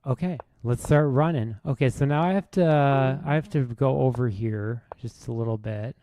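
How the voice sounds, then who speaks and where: A man's voice: mid-range voice, normal speed, mellow. A man streaming chess, rambling through a rude comic roast with lots of false starts. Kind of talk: casual streaming commentary while playing.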